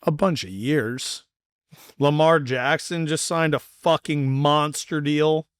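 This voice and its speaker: Man, podcast host, casual chat, blunt and profane, smooth clear voice, dry close sound. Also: a little high, dry recording. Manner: blunt and profane, fast bursts.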